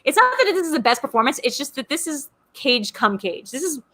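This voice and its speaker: Bright, chatty woman podcast co-host. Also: high-pitched, brisk. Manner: chatty, animated, many filler words. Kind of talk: casual chat.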